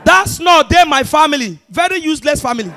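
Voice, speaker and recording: A man with a Nigerian Pidgin English accent doing an animated stand-up comedy routine, acting out characters with shouts. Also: extremely high pitch, fairly quick, background noise.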